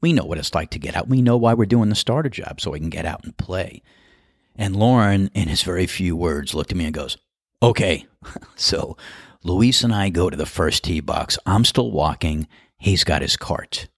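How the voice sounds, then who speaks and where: A man's voice: deep voice, animated, moderate pace, breathy edge, no echo, studio quality. A man hosting a podcast, telling a casual story in a wry, self-deprecating, conversational way. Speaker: podcast host and golf starter.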